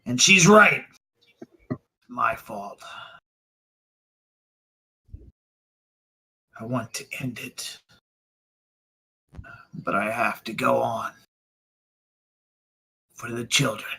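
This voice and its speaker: A man's voice: medium pitch, expressive, takes it slowly, vocal fry, long pauses, breathy edge, exaggerated voice, low-quality recording. A man voicing a haggard, grieving older magistrate who is bitter and accusing, in a tabletop game. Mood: despairing whisper. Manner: bitter, accusing, then hushed and despairing.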